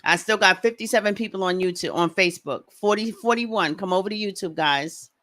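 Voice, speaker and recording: A woman hosts a casual livestream, speaking quickly and greeting viewers one by one. Her voice is bright and forward. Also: mid-range voice. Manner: fast-talking, greets viewers by name. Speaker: livestream host.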